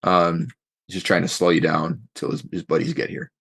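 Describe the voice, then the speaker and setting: A man's voice: deep voice, little pitch movement, normal speed, vocal fry, fairly bright tone. A man narrating as game master, rambling and thinking aloud as he describes the scene.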